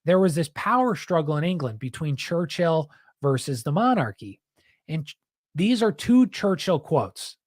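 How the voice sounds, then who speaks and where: A man's voice: on the high side, very animated, normal speed, no echo, studio quality. A man hosting a podcast, talking in a rambling, heated, casual way and often saying "dude". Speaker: podcast host.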